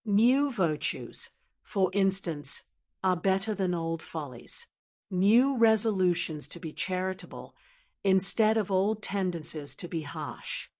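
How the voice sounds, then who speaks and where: A text-to-speech woman's voice reading the lines of a cheerful, earnest young woman in a storybook, in an even, measured way. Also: fairly low pitch. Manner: even, measured synthetic delivery.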